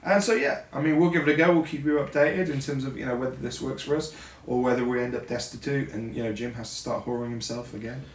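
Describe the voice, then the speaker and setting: A man's voice: mid-range voice, fairly even intonation, fast talker, few pauses, slight background noise. A man co-hosting a vlog, chatting candidly with jokes and a few stammered restarts. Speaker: filmmaker and co-host. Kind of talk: casual chat. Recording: roomy echo, distant mic.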